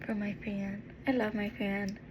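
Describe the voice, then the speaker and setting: A woman giving a heartfelt, encouraging monologue as a vlogger, earnest and tender, with pauses and restarts. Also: mid-range voice, level tone, noisy background. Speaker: motivational vlogger.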